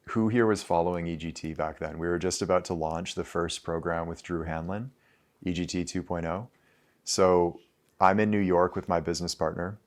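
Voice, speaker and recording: Deep-voiced man giving a casual talk. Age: 30s. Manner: loose and conversational, with frequent "like" fillers and profanity. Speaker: speaker addressing a live audience.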